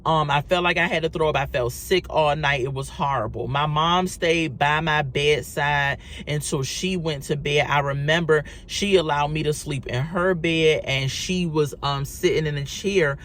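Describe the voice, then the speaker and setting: A woman's voice: low voice, normal speed, hardly any pauses, a bit bright, a little hiss or hum. A woman recording a storytime vlog, talking casually to her viewers with lots of fillers and calling them y'all. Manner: chatty, addresses viewers as y'all, many fillers. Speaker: vlogger.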